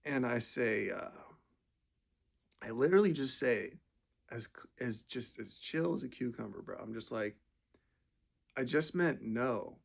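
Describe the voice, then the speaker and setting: A man's voice: mid-range voice, expressive, normal speed, vocal fry. A man telling casual, profane, rambling stories, full of fillers. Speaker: storyteller. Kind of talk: casual storytelling.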